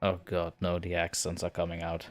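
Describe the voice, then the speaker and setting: A man's voice: low voice, monotone, normal speed, faint music behind. A man from Europe chatting as a podcast guest, joking and hedging his claims. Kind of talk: casual chat.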